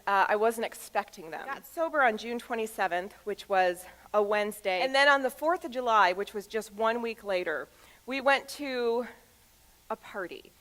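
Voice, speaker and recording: A woman in her thirties, a motivational speaker telling personal stories to a live audience with emphatic pauses. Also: mid-range voice. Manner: expressive, animated storyteller with emphatic pauses. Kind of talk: storytelling talk to an audience.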